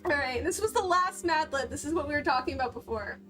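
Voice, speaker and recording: A woman's voice: sits high, lively intonation, fast, fairly bright tone, faint music behind. A young woman chatting casually on a livestream, bubbly and giggly, laughing often between lines. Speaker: cosplay livestreamer.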